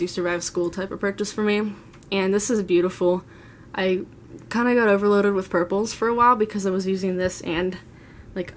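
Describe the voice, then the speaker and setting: A woman's voice: medium pitch, a little hiss or hum. A woman in her twenties chatting through a casual makeup collection tour, gushing and rambling as she talks. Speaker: beauty vlogger. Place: at home, seated.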